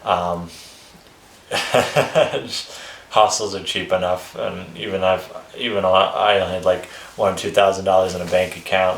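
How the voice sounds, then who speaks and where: A man with a fairly low voice tells a personal story in a loose, rambling, conversational way. He swears casually and keeps breaking into short chuckles. The sound is roomy, with a noticeable echo around him. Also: a little hiss or hum. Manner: rambling, chuckles between phrases, swears freely. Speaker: vlogger telling his life story.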